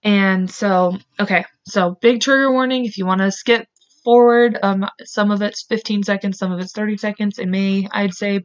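Casting: woman host, mid-pitched voice, loose chatty true-crime storytelling, lots of "like", swears, slightly dull lo-fi mic. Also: fairly even intonation, moderate pace, clean tone. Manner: chatty, filler-heavy, emotional, swears openly. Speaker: podcast host.

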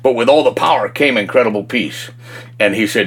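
An older man telling his faith testimony in a folksy, colloquial, animated way. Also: medium pitch, fairly quick. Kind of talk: casual faith testimony storytelling.

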